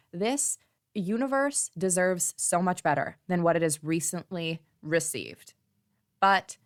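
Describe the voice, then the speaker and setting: A woman talks about films in a casual vlog, swinging between gushing excitement and dry sarcasm. Her voice sits a little low for a woman. The sound is close and dry, with no room around it. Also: dry recording. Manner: gushing, animated, sarcastic asides. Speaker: movie vlogger. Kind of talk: casual chat.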